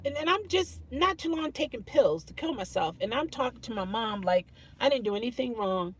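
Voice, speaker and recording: A woman's voice: fairly high pitch, sing-song, a little fast, few pauses, a little hiss or hum. A woman vlogger telling a personal story to camera in an earnest way, often repeating phrases and restarting her sentences.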